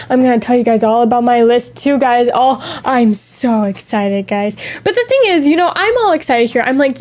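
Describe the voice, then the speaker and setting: A young woman streamer chatting casually, bubbly and excitable, with theatrical gasps and dramatic sighs. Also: a little high, normal speed.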